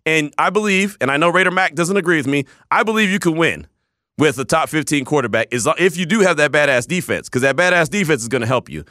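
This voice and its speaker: A man hosting a sports talk radio show, emphatic and animated, often repeating words as he argues. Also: a little high, quick pace, dry recording, studio quality.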